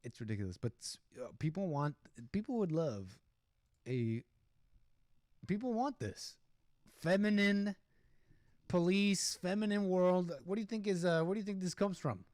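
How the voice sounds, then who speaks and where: A man's voice: high voice, moderate pace, darkish tone, no room sound, studio quality. A man hosting a stream, ranting sarcastically and indignantly over a video clip and laughing at his own jokes. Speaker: streamer host.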